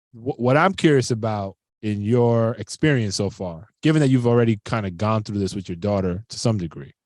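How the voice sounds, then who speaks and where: A middle-aged man with a somewhat low voice. He talks in a measured way, explaining and asking follow-up questions. The recording is dry and close. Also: a little mellow, no echo. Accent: Miami. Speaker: podcast co-host. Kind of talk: casual chat.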